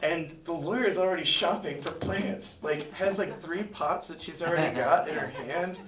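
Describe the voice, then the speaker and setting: A man's voice: fairly high pitch, normal speed, crowd noise. Rambling man telling a story on stage. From Miami, USA. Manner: rambling, loose, full of "like" fillers. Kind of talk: live storytelling. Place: museum event room, live audience. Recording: echoey room, far from mic.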